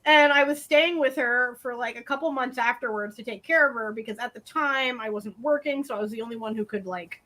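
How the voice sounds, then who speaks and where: A woman co-hosting a casual stream from home, telling stories animatedly with quick asides and frequent laughter. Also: on the high side, pushed and bright. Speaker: co-host of a colouring stream. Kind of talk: casual chat. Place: at home, dryer running nearby.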